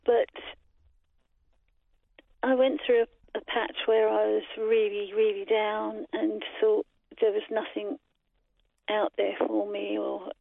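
Nervous, husky woman on a phone line. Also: mid-range voice, little pitch movement, takes it slowly, long pauses, no room sound. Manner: nervous, hesitant, with many fillers. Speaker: caller. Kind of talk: phone-in call.

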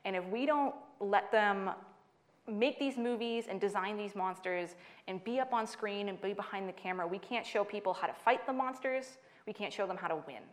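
A young adult woman author giving a book talk to an audience, lively and laughing through her stories. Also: mid-range voice, moderate pace. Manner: animated storyteller, laughing through anecdotes.

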